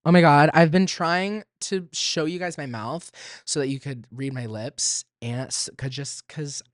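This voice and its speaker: A man's voice: on the high side, steady tone, measured pace, no room sound, clean studio sound. A young man from Texas in his twenties hosting a solo podcast, chatty and self-deprecating, breaking into sudden squeals and laughs. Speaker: podcast host.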